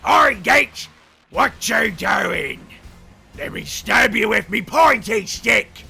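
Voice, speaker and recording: A shrill, scrappy little orc grunt, nasal and thin, with a Cockney twang. He shouts in a high, rough voice. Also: animated, slow pace, faint music behind, full character voice. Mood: threatening. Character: small scrappy male orc grunt, stabby.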